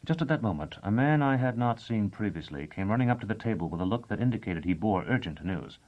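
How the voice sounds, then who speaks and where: Low-voiced man narrating a novel. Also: animated, fast talker, darkish tone, dull audio. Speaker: audiobook narrator. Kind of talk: first-person scripted narration.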